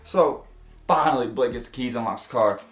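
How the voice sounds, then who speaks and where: A young man telling a spooky personal story as a vlogger. He talks in casual slang, going from hushed to loud and excited. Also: medium pitch, fairly quick, echoey room. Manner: animated storytelling, slang-heavy, jumps from hushed to shouting. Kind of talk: story time vlog. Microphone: camera mic.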